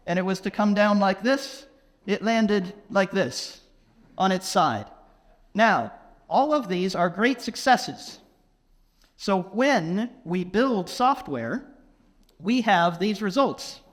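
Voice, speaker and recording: A man giving a conference keynote, playfully quizzing the audience and speaking slowly and deliberately. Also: high voice. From England. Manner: playful, quizzes the audience, slow deliberate phrasing for non-native listeners. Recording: long hall reverb.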